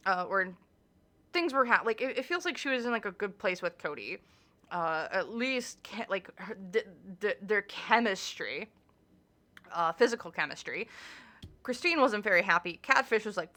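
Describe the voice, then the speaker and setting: A woman's voice: mid-range voice, big pitch swings, normal speed, sharp tone. A woman doing a casual tarot reading, talking in a chatty, hedging way with lots of fillers and restarts. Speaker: tarot reader.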